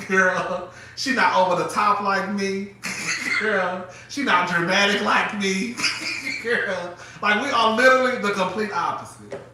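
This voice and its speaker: A man with a high voice and slow pace hosts a live stream from his phone, gossiping casually and dramatically. He's animated, laughs often, and calls his listeners "girl"; the room is very echoey, the mic far off, with faint noise.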